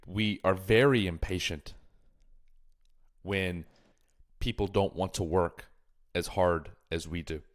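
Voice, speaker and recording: A man hosting a casual podcast, talking in an animated, jokey way and drifting into tangents. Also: sits low.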